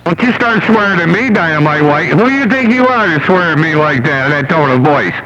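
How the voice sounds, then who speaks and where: A man's voice: fairly high pitch, animated, brisk, over a noisy crowd. A man teasing and mock-scolding other operators in casual CB radio banter. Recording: dull noisy radio transmission.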